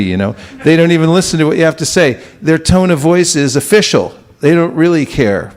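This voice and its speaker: A man's voice: fairly high pitch, expressive, fairly quick, hardly any pauses. Conversational male spiritual teacher. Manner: conversational, questions the audience often. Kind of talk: lecture to a live audience. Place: hall with a live audience.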